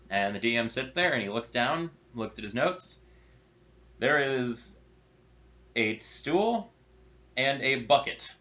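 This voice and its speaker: Bright-voiced man telling a story, lo-fi. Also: mid-range voice, slow, long pauses. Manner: animated, wry asides, growing louder. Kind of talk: casual story narration. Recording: dull lo-fi recording.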